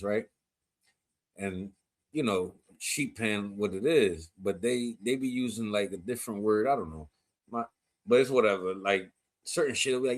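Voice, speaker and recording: A man's voice: on the low side, normal speed. Laughing American man, loose slangy chat. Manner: animated slang-heavy storytelling, laughs often. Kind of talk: casual chat.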